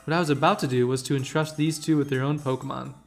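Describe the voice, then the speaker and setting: A man voicing a stern, measured older male professor in a video game, reading his lines in a grave, deliberate way. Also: mid-range voice, fairly even intonation, faint music behind, lightly acted.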